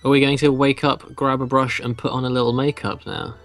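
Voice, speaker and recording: A man banters through a let's play, cracking jokes and stumbling over his starts at a middle pitch. Faint music plays under his casual chat. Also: level tone, fairly quick, gravelly. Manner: joking, stammering restarts. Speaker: co-player.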